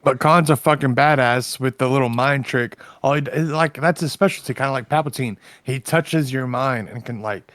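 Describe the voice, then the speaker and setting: A man's voice: mid-range voice, normal speed, hardly any pauses, a bit bright. A man co-hosting a casual chat, chiming in with extra plot details. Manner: chimes in to add plot details. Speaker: co-host. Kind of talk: casual chat about a novel.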